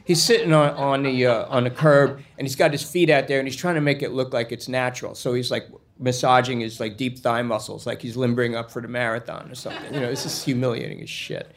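A man's voice: mid-range voice, fairly even intonation, fast, few pauses, slight background noise. A man telling a long story in a casual, rambling monologue, with crude asides.

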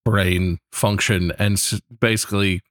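A man's voice: fairly low pitch, fairly even intonation, a little slow, a bit bright, dry recording. Dry-voiced man in comedy chat.

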